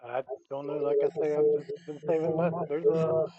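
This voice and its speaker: A man chatting with a gaming group, relaxed and a little hesitant as he talks. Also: on the high side, moderate pace. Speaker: gamer in a group. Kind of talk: casual voice chat while gaming. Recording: dull voice chat with crowd noise.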